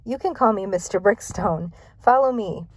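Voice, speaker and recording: A woman voicing a pompous, tall male auction host who speaks slowly. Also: medium pitch, slight background noise, lightly acted.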